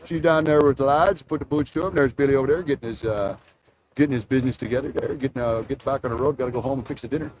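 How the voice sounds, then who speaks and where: A man's voice: mid-range voice, racing, a little mellow, a little hiss or hum, natural voice, low-quality recording. Man putting on a profane Maritime fisherman. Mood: boisterous. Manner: profane, boisterous storytelling. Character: salty Maritime fisherman, crude and rambling.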